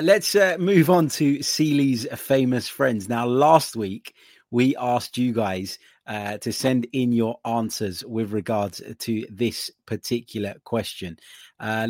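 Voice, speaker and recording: A man's voice: medium pitch, darkish tone, dry recording, clean studio sound. A man hosting a sports betting podcast, reading out listener questions and adding brief encouraging replies. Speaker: podcast host.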